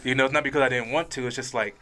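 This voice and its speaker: A man in his forties co-hosting a casual panel talk, earnest and animated, often laughing as he speaks. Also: medium pitch, racing. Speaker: podcast co-host.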